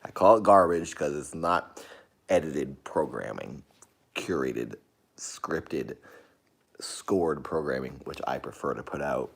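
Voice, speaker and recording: Low-voiced man chatting on a live stream. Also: expressive, takes it slowly, gravelly, breathy edge. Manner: rambling, talks to chat, jumpy outbursts. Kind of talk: casual live-stream chat.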